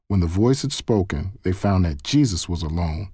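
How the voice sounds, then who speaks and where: Deep mellow man reading scripture. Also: animated, moderate pace, hardly any pauses, breathy edge, no room sound, studio quality. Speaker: Bible reader.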